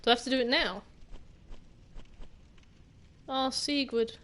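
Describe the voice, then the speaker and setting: A woman's voice: high-pitched, takes it slowly, a bit bright. A woman game streamer giving casual, rambling gameplay commentary and swearing now and then.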